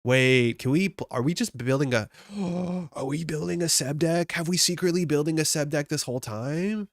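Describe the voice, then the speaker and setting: Chatty Canadian man with a gravelly voice. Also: a little high, normal speed, dry recording, clean studio sound. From Alberta, Canada. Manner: chatty and self-mocking, thinks aloud, laughs often. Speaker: streamer building a card game deck. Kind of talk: casual live-stream chat.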